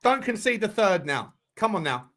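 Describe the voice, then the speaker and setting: A man hosting a live football watchalong, reacting as a partisan fan with excitable shouting, swearing and a chesty cough. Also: sits high, moderate pace. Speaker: fan channel host.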